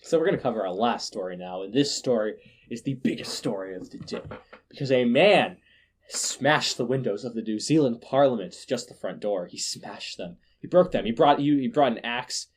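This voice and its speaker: A man talking through the day's news on a casual podcast, and it's one long run of deadpan sarcasm. His voice sits at an ordinary middle pitch while he breaks into laughs and trips over his own words as he goes. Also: moderate pace, husky. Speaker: podcast host.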